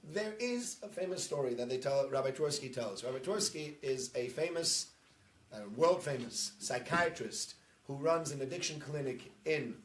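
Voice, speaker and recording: A man, a rabbi, giving an informal talk to his congregation, telling stories chattily and building to animated emphasis. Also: medium pitch, moderate pace. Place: synagogue hall. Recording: roomy echo.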